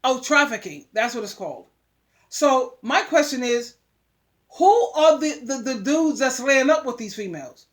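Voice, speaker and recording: Woman vlogger, high voice, preachy and scolding, repeats herself for emphasis. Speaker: vlogger giving advice. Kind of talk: emphatic monologue.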